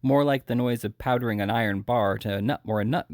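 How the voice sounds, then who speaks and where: A man's voice: mid-range voice, fast, no echo, studio quality, natural voice. A man reading the lines of a nervous young male servant in an audiobook, with timid, sullen remarks.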